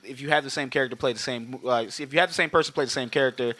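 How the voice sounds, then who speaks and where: A man co-hosting a movie podcast in casual chat, animated, laughing often and swearing freely. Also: mid-range voice, rapid-fire. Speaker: podcast co-host.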